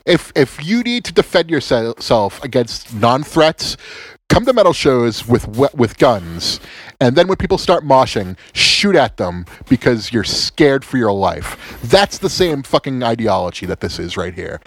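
A man in a loose, profane rant, full of sarcasm and quick restarts. His pitch swings widely as he gets worked up, and the sound is dry and close with no room around it. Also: no room sound. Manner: animated, sarcastic, swears a lot, stammers and restarts.

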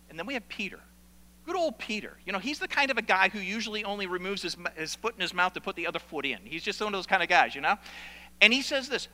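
A man preaching a sermon as a pastor, animated and repeating phrases for emphasis. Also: high-pitched, a little fast, big-room sound.

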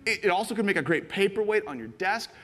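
A man preaching a sermon, animated and playful, acting out little scenes and jumping into excited voices for the people in his stories. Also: fast talker, big-room sound. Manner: animated, jumps into high excited voices when quoting. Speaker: pastor. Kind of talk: sermon with acted-out illustrations.

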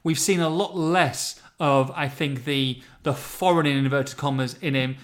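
A man's voice: mid-range voice, fairly even intonation, a little slow. A man hosting a casual football podcast, chatty and teasing. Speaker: podcast host.

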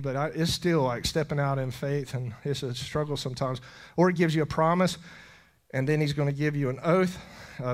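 Fervent middle-aged male preacher, higher voice. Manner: intense, emotional, drops to whispers then surges louder. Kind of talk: impassioned sermon.

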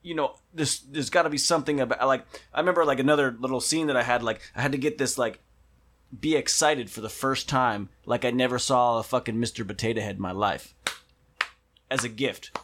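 A man chatting casually on a podcast, telling animated stories and swearing freely. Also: medium pitch, a little fast.

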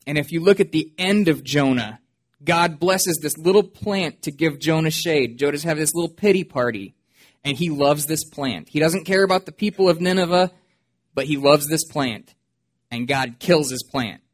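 A man preaching a sermon to his church as pastor, earnest and expressive. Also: on the high side, moderate pace. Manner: earnest, expressive preaching with dramatic quoted voices.

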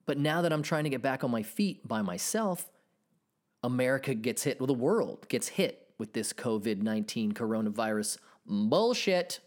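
A man's voice: medium pitch, normal speed. A man in his thirties hosting a solo podcast, ranting and swearing as he reacts to online posts. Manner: animated, profane ranting. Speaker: podcast host.

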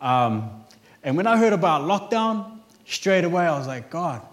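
A man delivering a sermon with a fairly high-pitched voice. He preaches in an animated, conversational way, pushing key lines loud and dropping into quick, quiet asides and light jokes. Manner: conversational, with casual fillers and jokes.

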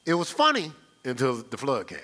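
A man's voice: medium pitch, huge pitch swings, normal speed, bright, forceful tone. A male pastor preaching a live church sermon in a conversational way, often checking in with the congregation. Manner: conversational, rhetorical, checks in with "right?".

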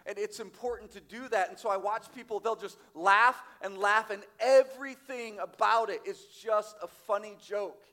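A man preaching a sermon as pastor, emphatic, slowing down for quoted scripture. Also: high voice. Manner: emphatic, varies loudness widely, slows on quoted scripture. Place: church sanctuary.

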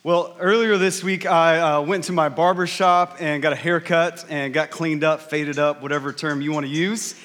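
A man's voice: fairly high pitch, steady tone, normal speed, few pauses, fairly bright tone, in a large hall. A male pastor preaching a sermon in a conversational, jokey storytelling way. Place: large church hall.

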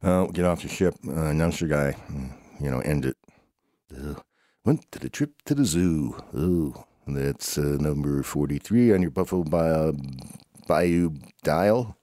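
Super deep guy goofing around telling a made-up story, rambly banter, dry sound. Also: animated, measured pace, dark tone, dry recording. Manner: rambling, playful banter between characters. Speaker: home show storyteller. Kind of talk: improvised comic storytelling.

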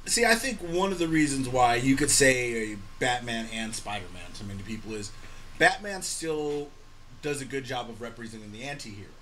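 A man's voice: medium pitch, expressive, normal speed, a bit bright, a little hiss or hum, poor audio. A man co-hosting a podcast, chatting casually and explaining at length in a storytelling way. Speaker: podcast co-host. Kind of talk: casual chat.

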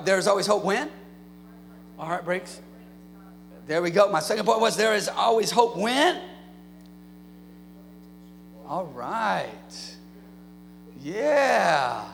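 A man's voice: sits high, animated, takes it slowly, vocal fry, long pauses, fairly bright tone. A man preaching a sermon to a congregation, with rhetorical questions and passionate prayer. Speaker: pastor. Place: church sanctuary. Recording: hall reverb, faint mains hum.

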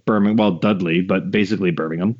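A man's voice: sits low, steady tone, quick pace, breathy edge. A man co-hosting a podcast in casual, rambling, joking chat. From Canada. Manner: rambling, joking, drops into mock voices. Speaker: podcast co-host. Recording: muffled online call audio.

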